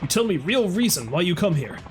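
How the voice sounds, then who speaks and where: A man's voice: sits high, sing-song, fairly quick, music in the background, pitched above the performer's own voice. A man voicing a cold, menacing gangster who makes threats in clipped, broken English.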